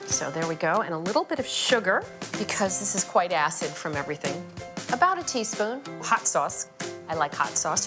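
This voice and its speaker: A woman's voice: lowish voice, big pitch swings, normal speed. Chatty woman chef with music behind. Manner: chatty, enthusiastic step-by-step explaining. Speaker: TV chef and cooking show host. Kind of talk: cooking demonstration. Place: studio kitchen.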